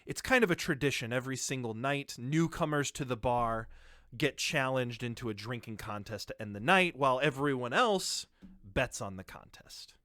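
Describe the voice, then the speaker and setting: A man's voice: mid-range voice, moderate pace, sharp tone, no room sound, clean studio sound, natural voice. A man voicing a polite male elf bar owner who explains a house tradition. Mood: apologetic. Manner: apologetic, explaining.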